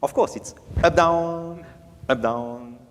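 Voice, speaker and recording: A man's voice: fairly high pitch, takes it slowly, slight background noise. A man teaching a piano master class, singing out phrases and joking as he coaches. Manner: animated, sings out phrases, playful. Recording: reverberant hall, faint piano.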